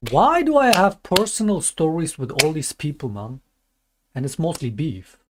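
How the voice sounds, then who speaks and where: A man's voice: fairly high pitch, lively intonation, normal speed, background noise. A man streaming, casually reacting to a video with loose, swearing comments aimed at his chat.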